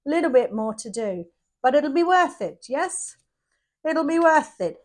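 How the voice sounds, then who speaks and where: A woman's voice: high voice, sing-song, a little slow. A middle-aged woman, giving a casual, chatty tarot reading full of jokes and exclamations. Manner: chatty, jokey, frequent exclamations. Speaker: tarot reader.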